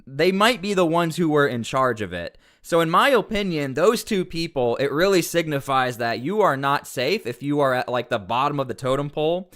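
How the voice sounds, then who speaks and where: Smooth-voiced man hosting a livestream. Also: on the high side, animated, moderate pace, few pauses, fairly bright tone. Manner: rambling, many fillers and restarts. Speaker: livestream news commentator. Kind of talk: casual live commentary.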